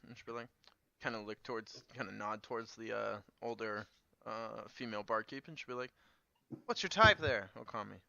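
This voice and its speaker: A man playing a character in a tabletop game over voice chat, playful, given to loud laughing outbursts. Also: flat delivery, fairly quick, vocal fry, smooth, dry recording. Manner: laughing, playful, bursts of loud high exclaims. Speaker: player. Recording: dull, dry voice-chat audio.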